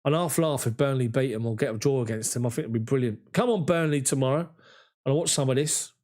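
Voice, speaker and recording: A man, hosting a live fan chat after a match and reading viewer comments in an excitable, chatty way. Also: mid-range voice, quick pace. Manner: excitable, chatty, mimics voices in anecdotes. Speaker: fan channel host.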